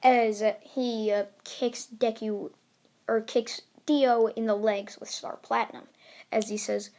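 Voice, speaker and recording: A woman's voice: a little high, fairly even intonation, slow pace, a little mellow. A woman improvising a fan story, rambling with fillers and restarts as she narrates.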